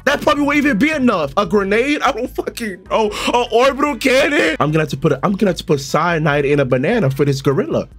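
A young man giving comedic reaction commentary, animated and exaggerated, with sudden loud outbursts and a lot of swearing. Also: high voice, quick pace, few pauses, husky, soft background music. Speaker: online video host reacting to a video.

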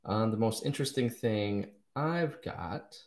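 A man with a low-pitched voice hosts a live poetry stream in a loose, casual way. He rambles, corrects himself and drops wry asides. The sound carries a noticeable room echo. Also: unhurried, a little mellow. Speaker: host of a live poetry show. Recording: echoey room.

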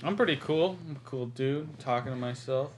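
A man's voice: medium pitch, moderate pace, slightly rough. A man co-hosting a casual reaction video, joking and playing mock-defensive with his co-host.

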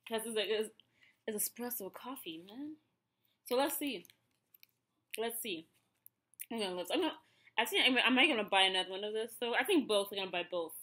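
A woman's voice: fairly high pitch, expressive, a little fast, long pauses, sharp tone. Chatty Ethiopian woman reviewing snacks. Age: 30s. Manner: chatty, full of fillers and restarts. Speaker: vlogger. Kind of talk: casual food review.

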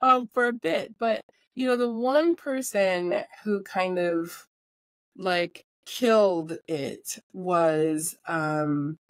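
A woman guest with an American accent, born in New Jersey and raised in England, telling stories in a casual interview and doing lively impressions of people. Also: fairly low pitch, drawn-out words, no echo. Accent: American, with a British accent that comes out at times. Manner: animated anecdotes with impressions and laughs. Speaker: guest, voiceover artist and filmmaker.

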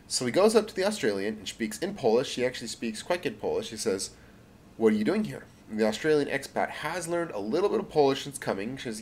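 A man's voice: medium pitch, darkish tone. A man telling an improvised story in a rambling way, correcting himself often and adding asides. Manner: rambling, self-correcting, many fillers and asides.

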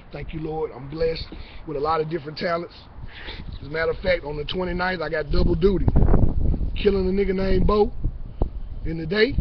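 Brash battle-rapper vlogger, a man with a high voice, cocky and profane, on a dull lo-fi recording. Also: heavy background noise. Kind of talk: casual trash-talk monologue to camera. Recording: dull lo-fi sound.

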